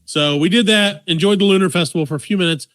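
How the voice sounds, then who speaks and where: Animated, profane man telling stories on a podcast. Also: sits high, quick pace, no echo, clean studio sound. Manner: profane, animated, acts out quotes. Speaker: podcast co-host. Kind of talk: casual comedic storytelling.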